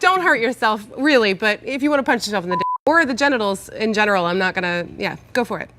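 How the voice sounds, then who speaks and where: A woman's voice: medium pitch, animated, fast talker, noisy background. A woman joking and chatting as a guest player in a card game. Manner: joking, laughs often. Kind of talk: casual chat playing a card game.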